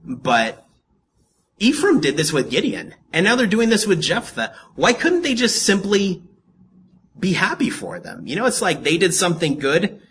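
A man preaching a casual, joking sermon to a congregation and telling Bible stories in a lively, storytelling way. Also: sits high, moderate pace, slightly rough. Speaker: pastor.

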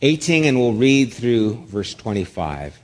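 A middle-aged man preaching a sermon, reading scripture aloud in a measured, earnest way. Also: mid-range voice, very animated. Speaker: pastor. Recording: long hall reverb.

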